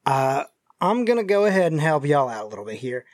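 A man's voice: a little high, very animated, brisk, no room sound, clean studio sound. A man voicing a wounded, secretive man on the run, with a folksy Southern drawl and an evasive, wheedling way of talking. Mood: bargaining.

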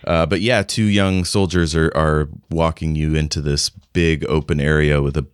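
A man with a very low voice narrates as game master in a tabletop game, talking casually with plenty of restarts. The recording is dry and close. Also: steady tone, moderate pace, clear, resonant tone, no room sound. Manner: rambling, casual, many fillers and restarts.

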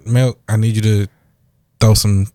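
A man's voice: lowish voice, flat delivery, measured pace, warm tone, no room sound, clean studio sound. A man in a casual podcast chat who talks bluntly, swears a lot, and teases his friends. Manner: blunt and profane, teasing. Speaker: podcast co-host.

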